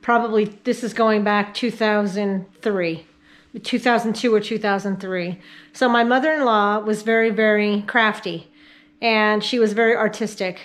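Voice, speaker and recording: In a poorly recorded clip, a middle-aged home vlogger shows viewers around her house room by room, speaking at a normal speed in a medium-pitched, steady voice. She's from the Catskills area of New York, keeps up a chatty manner, and baby-talks to her dogs.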